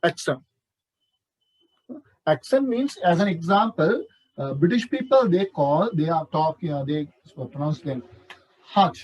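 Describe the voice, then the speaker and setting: Sri lankan guy teaching english, high voice, talks slow, keeps repeating words and checking in. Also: lively intonation, a little mellow, low-quality recording. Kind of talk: classroom lesson.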